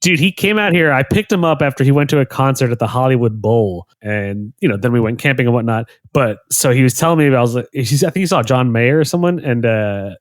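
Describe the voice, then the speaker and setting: A man co-hosting a podcast in casual chat, an animated storyteller who laughs often. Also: medium pitch, fast talker, hardly any pauses, no echo, studio quality. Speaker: podcast co-host. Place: Los Angeles.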